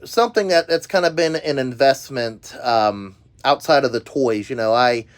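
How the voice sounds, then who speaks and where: A man's voice: medium pitch, normal speed. A middle-aged man hosting a casual product review video, rambling with frequent ums and uhs and restarts. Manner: rambling, filler-heavy with frequent um and uh. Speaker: YouTube host reviewing merchandise.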